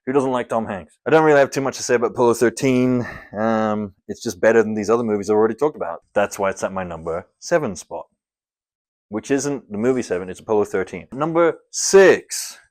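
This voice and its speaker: A man's voice: fairly low pitch, fast talker, darkish tone. Chatty man ranking movies. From Scotland. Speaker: film reviewer. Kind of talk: casual movie-ranking vlog.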